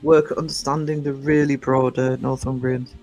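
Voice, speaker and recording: A middle-aged man with a soft Northumbrian accent, chatting casually with live viewers, greeting them by name and rambling with many fillers and restarts. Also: mid-range voice, flat delivery, normal speed, faint music behind. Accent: Northumbrian English. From North East England. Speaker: livestream host.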